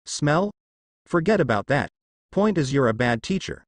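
Man doing brash teenage ninja boy, shouting, defiant, lively, dry sound. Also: on the high side, normal speed, dry recording. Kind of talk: fan fiction reading.

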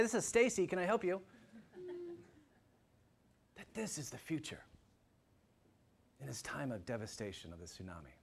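Man giving a lecture, lively up-and-down voice, emphatic, bit of a higher pitch. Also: vocal fry. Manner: animated and emphatic, swinging from loud to hushed asides. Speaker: guest lecturer. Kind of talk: public lecture. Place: lecture room before a live audience.

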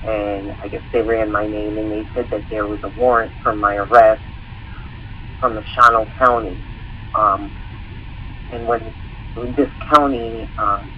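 Hesitant caller on a dull phone line. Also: male voice, on the low side, flat delivery, unhurried, pauses often, a little hiss or hum. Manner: hesitant, many ums. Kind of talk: asking a question on a call-in show.

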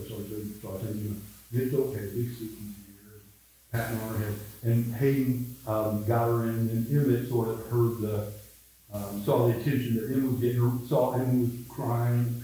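A man's voice: mid-range voice, warm tone. Rambling older Midwestern man in echoey church. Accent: Midwestern American. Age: 70s. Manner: rambling storyteller, self-mocking. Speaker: pastor leading Bible study. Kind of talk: casual anecdotal Bible study talk. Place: church room. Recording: echoey room, mic far off.

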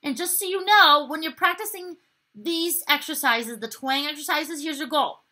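A woman's voice: sits high, normal speed, pushed and bright. A woman voice teacher giving an upbeat online singing lesson, encouraging students and demonstrating the exercises herself.

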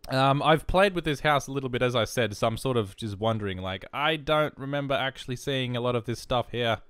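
A man's voice: medium pitch, fairly quick, a bit bright, clear, resonant tone, dry recording. A man with an Australian accent rambling in casual, jokey, self-mocking commentary over a video game. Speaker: gaming YouTuber. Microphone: headphones and desk mic.

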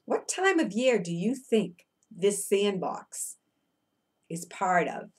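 A woman's voice: mid-range voice, very animated, slow. A middle-aged woman teacher reading a picture book aloud to young children, chanting refrains and asking coaxing questions.

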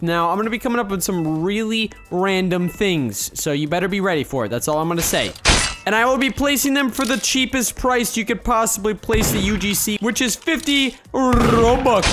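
A man's voice: high voice, fairly bright tone. A young man hosting a gaming video, talking casually and energetically while calling out to other players. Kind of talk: casual gameplay commentary.

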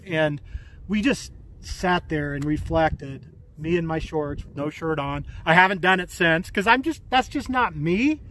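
Man, 40s, high-pitched; loose, filler-heavy vlog storytelling outdoors. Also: a little slow, a bit bright, a little hiss or hum. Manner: rambling, full of fillers and restarts. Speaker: vlogger. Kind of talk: casual storytelling to camera. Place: outdoors by a community pool.

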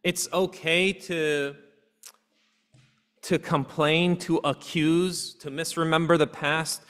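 His voice on the high side and fairly bright, a male preacher earnestly addresses his congregation with rhetorical questions. The sermon is recorded in a church sanctuary, carrying long hall reverb.

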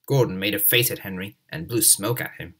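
A man reading a children's story aloud in an expressive, lively way. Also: fairly low pitch, fairly quick, breathy edge. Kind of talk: scripted narration of a children's story.

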